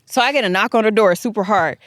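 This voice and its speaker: A woman telling a long personal story in casual podcast chat, animated and acting out the dialogue. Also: medium pitch, quick pace, no room sound, studio quality.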